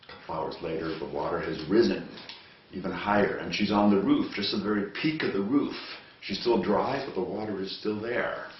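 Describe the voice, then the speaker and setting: A man from Canada telling jokes in a dry, deliberate way, recorded from a distance in an echoey space. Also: deep voice. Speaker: joke teller. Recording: distant, echoey, muffled with faint hiss.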